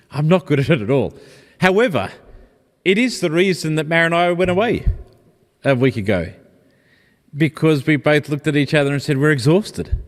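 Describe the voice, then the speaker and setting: A man preaching a sermon in a gentle, reflective, personal way. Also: on the high side. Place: church. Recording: long church reverb.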